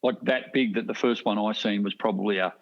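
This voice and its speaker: A middle-aged man with an Australian accent, a podcast guest telling hunting stories in a rambling, animated way with lots of restarts. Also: lowish voice, brisk, creaky. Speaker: guest hunter. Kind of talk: casual storytelling. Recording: dull lo-fi podcast audio.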